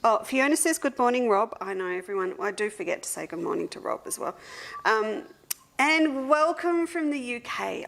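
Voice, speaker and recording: A woman's voice: a little high, vocal fry, a bit bright. An Australian woman hosting a casual livestream for her quilting shop, chatting to viewers and greeting them one by one by name. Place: seated at a table indoors.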